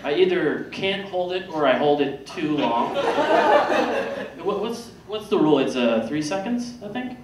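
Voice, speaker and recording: Speaking a little slowly in a highish, expressive voice, a comedian in his thirties does self-deprecating stand-up on a theater stage. He voices other people's lines as he goes, and the recording is distant, echoey, and loud with noise.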